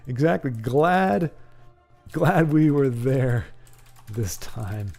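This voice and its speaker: A man's voice: mid-range voice, animated, extremely slow, gravelly, pauses often, a little mellow, faint music behind. Joking, rambling male stream host. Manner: joking, rambling, reads chat aloud. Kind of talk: casual live-stream chat.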